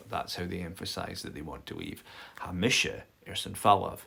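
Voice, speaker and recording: A man with a somewhat low voice teaches a loose, live-streamed language lesson. He talks in a chatty, explaining way and keeps checking in with his viewers. The sound comes from a simple home stream setup. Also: normal speed, vocal fry, sharp tone, breathy edge. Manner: chatty and explanatory, many "okay?" check-ins and filler "um"s. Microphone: phone or built-in mic.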